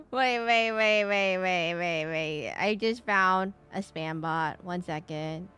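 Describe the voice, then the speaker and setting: Chatty woman streamer with a bright voice. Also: lowish voice, slow pace, smooth. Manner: chatty, laughing, distracted. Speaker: game streamer. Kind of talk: live gameplay commentary.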